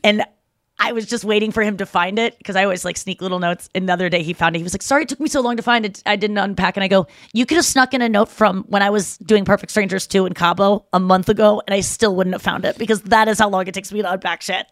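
A woman podcast host and comedian tells comic stories in casual chat, animatedly acting out the lines of the people in them, with frequent fillers and restarts. Her medium-pitched voice is quick, and the studio-quality recording has no room sound.

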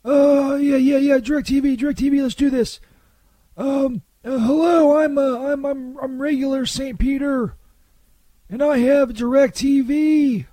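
A man playing a bumbling Saint Peter in a comedy sketch, stammering and quick to take offence. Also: very high-pitched, warm tone, no echo. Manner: stammering, hesitant, touchy.

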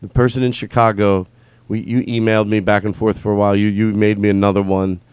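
A man's voice: on the low side, flat delivery, fast talker, a little mellow, clear, resonant tone, no echo. A man hosting a podcast alone in a studio, rambling casually, restarting his sentences and breaking into silly announcer bits. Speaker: podcast host. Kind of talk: casual solo podcast riffing.

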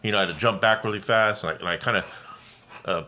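A man from Los Angeles hosting his own podcast, ranting in a profane, animated way. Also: on the low side, fast talker, a little hiss or hum. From Los Angeles, USA. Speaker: podcast host. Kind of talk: casual solo rant.

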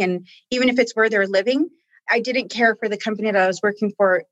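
A woman in a conversational interview, speaking earnestly and with deep feeling about the people she helps. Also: fairly bright tone, no echo, low-quality recording. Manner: heartfelt, tearful at times, earnest. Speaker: staff member guest.

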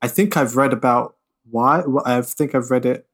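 A man's voice: mid-range voice, moderate pace. A man co-hosting a film podcast, chatting casually with blunt, sweary reactions. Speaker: podcast co-host. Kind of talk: casual chat.

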